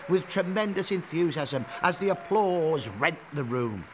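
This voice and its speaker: A man narrating a scripted historical account, measured, with rhetorical questions. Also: fairly high pitch, expressive, a crowd in the background, background noise.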